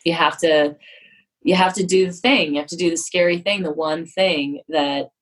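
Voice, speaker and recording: A woman's voice: low voice, moderate pace, poor audio. A woman talking frankly and with self-deprecating humor, telling personal stories and acting out what she and others said. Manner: frank and self-deprecating, acts out her own quotes. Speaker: yoga studio guest. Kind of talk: candid conversational storytelling.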